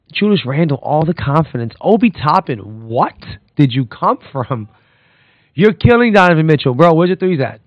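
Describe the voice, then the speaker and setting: Male podcast host, animated basketball rant, mid-pitched voice, dry and somewhat dull recording. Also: no room sound. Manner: animated, rants and calls out players directly. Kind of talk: casual sports commentary. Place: Florida.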